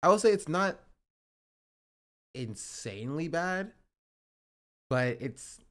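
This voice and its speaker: This fairly high, fairly bright male voice belongs to an American streamer recounting a trip. He is very animated but slow-paced, and he rambles casually while repeatedly checking in with "right?" and "you know?"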